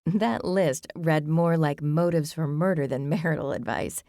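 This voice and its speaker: A woman's voice: low voice, unhurried, mellow, no echo. A woman voicing a reserved, dry-witted woman with understated delivery in an audiobook.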